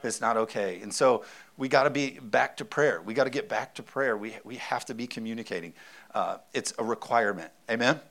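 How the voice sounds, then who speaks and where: A man's voice: medium pitch, a little fast, vocal fry, a bit bright. A man in his thirties, a pastor preaching a sermon with emphasis and often calling out for an amen.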